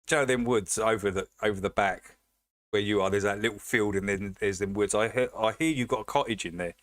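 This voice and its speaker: A man's voice: fairly low pitch, a little fast, a bit bright, no room sound. A man hosting a casual livestream chat, laughing often and repeating himself as he jokes. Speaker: livestream host.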